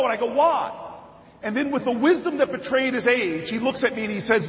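A middle-aged man, a senator, giving a rousing convention speech, repeating phrases and building to shouted climaxes. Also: very high voice, expressive, brisk. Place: large convention hall, indoors. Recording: dull, reverberant hall sound.

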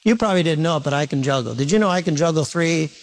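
Man, high voice, pastor, sermon, lively, quizzes congregation, self-mocking humor. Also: racing. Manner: animated, questions the congregation directly. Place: church service before a congregation.

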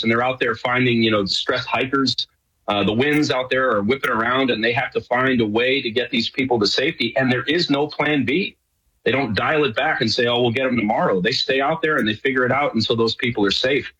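Husky, forceful man from New York. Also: medium pitch, fairly quick, poor audio. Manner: chatty, rambling with many fillers. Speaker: guest, show host. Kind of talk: casual radio interview.

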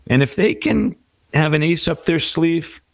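A man's voice: on the high side, a little slow, creaky, no echo. A middle-aged man speaking as an interview guest, giving reflective, encouraging advice in a conversational way. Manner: reflective, advice-giving, with quoted inner voices.

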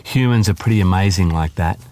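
A man's voice: low-pitched, a little fast, dark tone, lightly acted. A man reading aloud as a stubborn, fond middle-aged father who turns exasperated with his daughter. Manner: soothing then exasperated.

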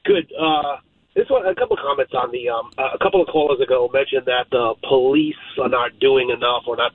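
A man's voice: mid-range voice, no echo. A man calling in to a radio talk show, making his point emphatically and repeating himself. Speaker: radio caller. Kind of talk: phoned-in opinion. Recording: tinny phone line.

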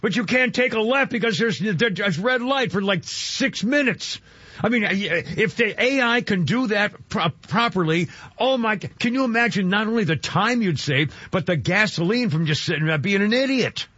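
A man's voice: sits high, animated, normal speed, sharp tone, slightly rough, no room sound, dull audio. A man hosting a radio talk show, chatting in a rambling way and exclaiming often. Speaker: radio host.

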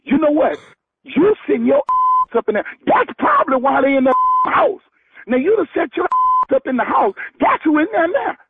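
A man on a phone call, loud and exasperated, swearing as he argues. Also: very high voice, huge pitch swings, normal speed, no room sound. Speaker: prank call target. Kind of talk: phone conversation.

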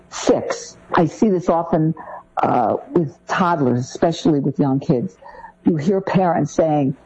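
A woman co-hosting a podcast, giving parenting advice point by point in an animated way. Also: fairly low pitch, normal speed, breathy edge. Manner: animated, lists points one by one. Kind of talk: podcast discussion. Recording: dull lo-fi sound.

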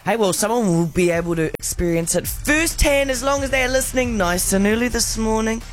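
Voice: mid-range voice, brisk, faint music behind. Upbeat New breakfast radio host. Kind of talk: casual radio chat. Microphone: studio microphone.

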